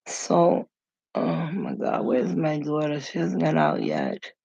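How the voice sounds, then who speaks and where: A woman rambles through her stories at an unhurried pace, her voice heavily gravelly with fry. She slips into the voices of the people she describes. The sound is dull and lo-fi, and dry with no room echo. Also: low-pitched, sing-song, mellow. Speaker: storyteller. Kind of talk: casual storytelling vlog. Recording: dull lo-fi recording.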